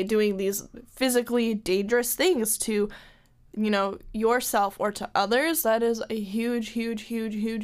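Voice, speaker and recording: A woman hosting a podcast, talking candidly in casual chat with lots of "like" fillers. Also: mid-range voice. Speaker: podcast host. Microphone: podcast microphone.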